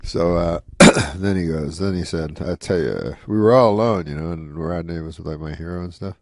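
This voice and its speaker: A man with a very low, gravelly voice tells a rambling story in a casual interview, keeping a dry, deadpan tone and peppering it with asides. The recording is close and dry, with no room sound. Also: normal speed, no echo. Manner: rambling, deadpan, full of "you know" asides. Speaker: comedian guest telling a story.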